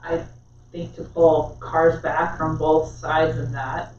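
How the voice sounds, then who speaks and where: A man at a city council meeting, giving his view in a hesitant, measured way that trails off softly. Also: a little high, flat delivery, soft background music. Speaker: council member. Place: council chamber. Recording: far-off mic, echoey room, dull sound, faint hiss.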